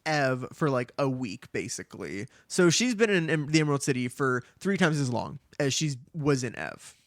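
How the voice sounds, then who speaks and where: A young man co-hosting a casual book podcast, animated, laughing often and swearing freely. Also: medium pitch, moderate pace, dry recording, studio quality. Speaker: podcast co-host.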